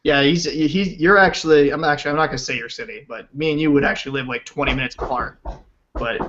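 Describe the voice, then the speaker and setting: A man's voice: a little high, quick pace, pushed and bright. A young man from Rhode Island, a podcast guest who jokes brashly and swears a lot. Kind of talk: casual podcast chat. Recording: dull lo-fi voice chat audio.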